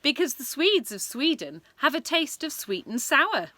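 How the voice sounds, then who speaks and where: A regal queen issuing crisp commands, imperious but composed. Her bright voice rises with a lively lilt, recorded close and dry, as a woman reading aloud puts her on. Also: high-pitched, a little slow, no room sound, pitched above the performer's own voice, exaggerated voice. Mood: commanding.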